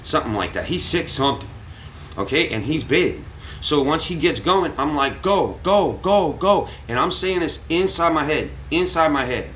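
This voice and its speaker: A man's voice: fairly high pitch, moderate pace, slight background noise, poor audio. A man telling a story casually to his viewers, cursing freely and acting out what people said. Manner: animated, profane, acts out quotes. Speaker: vlogger.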